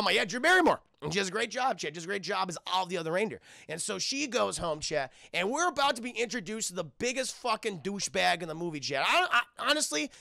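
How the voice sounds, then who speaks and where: A man's voice: sits high, gravelly, sharp tone, no echo, studio quality. A man giving a casual, profane film review on stream, constantly addressing his chat.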